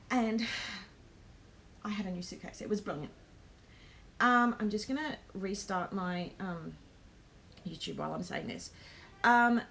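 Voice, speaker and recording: A woman's voice: a little high, fairly bright tone. An Australian woman hosting a live stream, telling a travel story in a chatty way, with lots of ums and nervous laughs.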